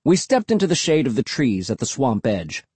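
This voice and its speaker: A man reads a children's scary story aloud, with expressive storytelling. His voice is husky, moves lively in pitch, and sounds dry and close. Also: a little fast, no echo. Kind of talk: audiobook narration.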